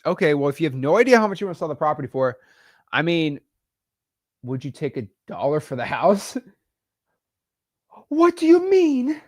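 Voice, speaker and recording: On his live-stream lesson about real estate deals, a wholesaling coach and host speaks casually with plenty of slang, acting out seller calls. His voice is fairly high and animated, running a little fast. The recording is dry and studio quality.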